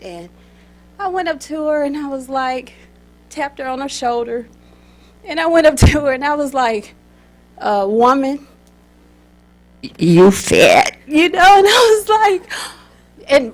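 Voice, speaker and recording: A woman giving a humorous contest speech, talking straight to the audience, getting them to answer and laughing between lines. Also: on the high side. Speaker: contest speaker.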